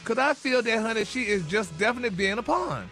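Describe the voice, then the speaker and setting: A man's voice: sits high, lively intonation, fast, sharp tone, faint music behind. A man delivering celebrity gossip on morning radio, sassy and calling everyone honey and y'all.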